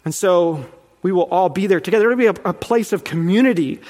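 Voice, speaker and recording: A man with a high voice teaches a sermon in an earnest, building manner, now and then quizzing the room. His words ring out with a long reverb from a large church hall. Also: a little fast, a little mellow. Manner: earnest, rising in emphasis, quizzes the audience. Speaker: preacher teaching on Revelation.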